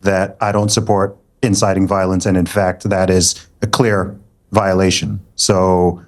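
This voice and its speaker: Male panelist, low voice, calm and measured. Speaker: panel guest. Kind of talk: televised panel debate.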